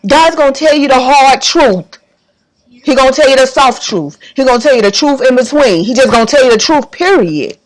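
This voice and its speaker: A woman's voice: high voice, expressive, normal speed. Emphatic woman preaching her faith. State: emotional. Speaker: faith vlogger. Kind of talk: impassioned religious monologue.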